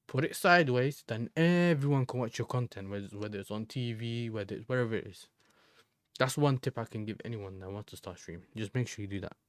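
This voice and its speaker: A man's voice: mid-range voice, fairly quick, no echo. A young man from the Netherlands, chatting casually and rambling in slang as a football live-streamer.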